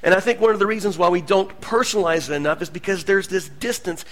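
A man preaching a sermon as pastor, moving between hushed asides and loud, emphatic lines. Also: high-pitched, quick pace.

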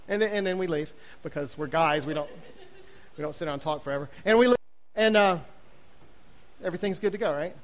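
Youth pastor, high tenor, comic storyteller; self-mocking, acts out every voice in his story. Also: fairly quick, pauses often. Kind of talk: humorous sermon storytelling.

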